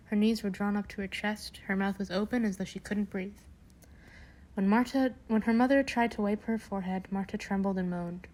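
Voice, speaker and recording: A woman's voice: medium pitch, moderate pace, low-quality recording. Woman reading a storybook aloud, gushing. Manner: gushing, animated asides between read passages. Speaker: book reader. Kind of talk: reading a children's book aloud with chatty asides.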